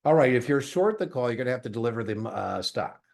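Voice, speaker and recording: A middle-aged man, teaching an exam prep class in a jokey, animated way and acting out little dialogues with students. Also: medium pitch, fast talker, gravelly. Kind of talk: lecture class replay.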